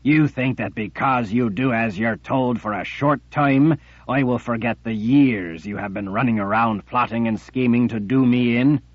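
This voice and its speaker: A man voicing a menacing, gloating male emperor who speaks slowly and mockingly. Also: on the low side, no echo, dull audio. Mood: accusing. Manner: slow, mocking and threatening.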